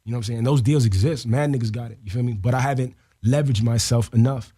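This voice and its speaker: A rapper telling a story in an interview, animated and full of slang. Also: male voice, mid-range voice, fast, slightly rough. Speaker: rapper guest.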